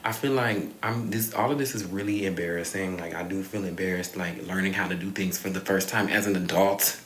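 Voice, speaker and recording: A man's voice: low voice, steady tone, a little fast, a bit bright. A young man talking candidly in a rambling confessional vlog, swearing freely and sighing often. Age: young adult. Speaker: vlogger. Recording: echoey room.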